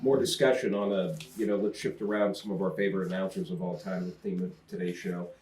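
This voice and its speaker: A man's voice: deep voice, steady tone, quick pace, a little mellow. Chatty man heard from across an echoey room. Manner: easygoing and chatty, with frequent uh fillers. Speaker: co-host. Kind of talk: casual sports talk chat. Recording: roomy echo, voice distant from mic.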